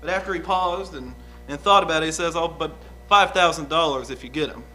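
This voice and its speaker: A man's voice: on the high side, brisk, bright, forceful tone, slight background noise. A man playing a young, uneducated outlaw on the witness stand, talking in a folksy, rambling, hesitant way. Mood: guarded. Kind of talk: improvised courtroom drama.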